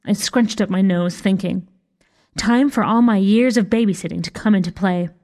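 Woman narrator, mid-pitched, wry, reading a storybook tale. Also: normal speed, a little mellow. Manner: wry first-person storytelling. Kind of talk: scripted narration.

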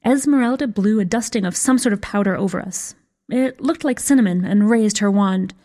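Casting: a woman storyteller, mid-pitched, wry and lively in her reading. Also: normal speed. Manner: wry first-person storytelling. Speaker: story reader. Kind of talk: scripted fiction narration.

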